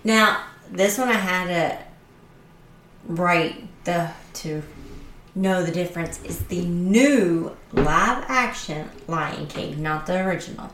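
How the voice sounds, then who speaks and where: A woman chatting casually as co-host, telling stories with animated quoted voices. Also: fairly low pitch, slow, distant mic, slight background noise. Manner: animated storyteller. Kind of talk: casual chat. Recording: echoey room with faint ambience.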